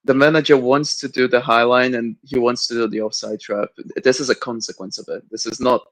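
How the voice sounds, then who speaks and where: A man argues football tactics on a live stream in a firm, explaining way. His voice sits mid-pitch and the sound is dry and close. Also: fairly even intonation, brisk, no room sound, low-quality recording. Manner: argumentative, explains tactics firmly. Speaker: co-host of a live match watch-along. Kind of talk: casual live football chat.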